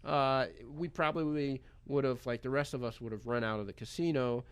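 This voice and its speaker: Male guest, American, mid-range voice; animated, chatty raconteur for a radio interview. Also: mid-range voice, a little fast, clean tone. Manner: animated, chatty, laughs while telling the story. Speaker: poker pro guest. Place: radio studio.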